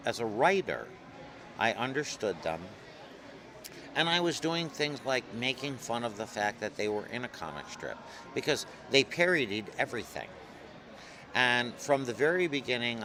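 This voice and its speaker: A man telling stories in an interview, lively and acting out other people's voices. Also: on the low side, noisy background. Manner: animated storyteller, acts out voices in anecdotes. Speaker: comic artist guest. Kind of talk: storytelling interview. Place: convention floor.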